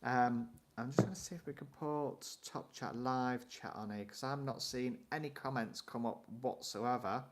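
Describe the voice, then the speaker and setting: A man talks in a casual, rambling storytelling way, chuckling as he goes. His voice sits at an everyday middle pitch, neither deep nor high. He keeps the chat easygoing and chatty. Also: normal speed, few pauses, very noisy. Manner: rambling anecdotes, chuckles often. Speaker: co-host of a live stream.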